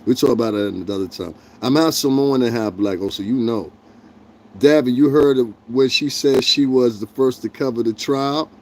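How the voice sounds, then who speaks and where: Profane, heated man with mellow voice. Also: medium pitch, normal speed, slight background noise. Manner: talks directly to chat viewers. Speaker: livestream host. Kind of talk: ranting livestream commentary.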